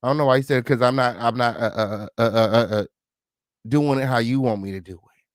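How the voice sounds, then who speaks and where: A man's voice: medium pitch, a little fast, no room sound, clean studio sound. A man hosting a live stream, chatting casually with viewers and reading comments, sassy and heated, swearing freely.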